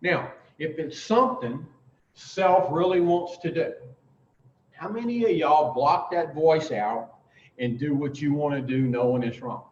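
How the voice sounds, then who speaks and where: A man with a slightly high voice leads a recovery class, laying out the steps with emphatic, drawn-out pauses and plain, profane bluntness. He sounds distant from the mic, in a roomy space with a dull, lo-fi tone. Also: a little hiss or hum. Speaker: recovery speaker teaching the twelve steps. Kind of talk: informal recovery talk to a group.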